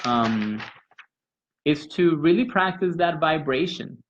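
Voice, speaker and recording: A man leading a pronunciation workshop, modeling sounds by stretching them out slowly and repeating them. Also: a little high, animated, highs cut off, slight background noise. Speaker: pronunciation instructor. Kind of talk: teaching a live workshop.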